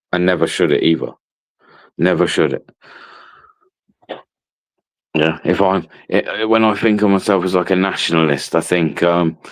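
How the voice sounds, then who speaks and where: A very low-voiced man hosting a late-night live chat stream. He talks bluntly and opinionatedly, circling back over his points and swearing freely. His voice is close and dry, with no room sound. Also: no room sound. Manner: opinionated, repeats himself, casual swearing.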